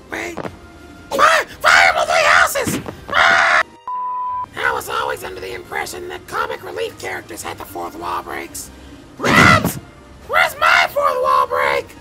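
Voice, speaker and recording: A man voicing Toad, a hyper, goofy male mushroom sidekick, in a fan dub, rambling and shrieking in high falsetto. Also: heavily acted, low-quality recording. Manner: shrieking, rambling, laughing at himself. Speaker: voice actor playing Toad. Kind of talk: fan-dub blooper outtakes.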